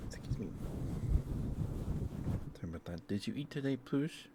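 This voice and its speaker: A sleepy, yawning man streaming ASMR, chatting gently and affectionately with his viewers in a soft-spoken way. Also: mid-range voice, lively intonation, moderate pace, noisy background.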